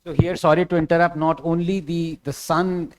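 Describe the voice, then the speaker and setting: A man's voice: fairly high pitch, flat delivery, normal speed, darkish tone, slight background noise. Man cutting in politely as moderator. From India. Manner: polite, apologetic interjections. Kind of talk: panel conversation.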